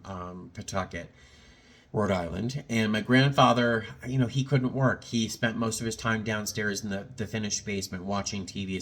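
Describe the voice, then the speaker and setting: A man's voice: on the low side, fairly bright tone. A middle-aged man in a casual personal vlog, talking in a reflective, rambling way with many fillers and restarts, a little choked up. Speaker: vlogger.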